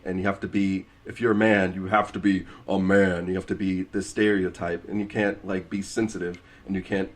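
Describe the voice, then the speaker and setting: A young man with a low-pitched voice co-hosts a relaxed podcast. He talks earnestly, stopping and restarting as he works his thoughts out. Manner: earnest, halting, many restarts. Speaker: podcast co-host. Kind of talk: casual chat.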